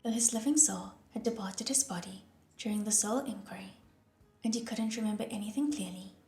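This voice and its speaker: A woman narrates an audiobook in a soft, hushed voice that often drops toward a whisper. Her pitch sits in the middle of the usual range. The room lends an echo, and faint instrumental music plays underneath. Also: brisk.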